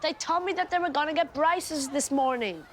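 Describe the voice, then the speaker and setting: Woman playing a calm know-it-all kid. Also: high voice, normal speed, slight background noise, natural voice. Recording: music playing underneath.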